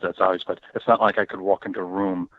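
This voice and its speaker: Animated male guest with a lowish voice, calling in on a dry phone line. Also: fast, no room sound. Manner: animated, acts out quoted voices. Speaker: guest, paranormal educator. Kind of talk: casual interview talk.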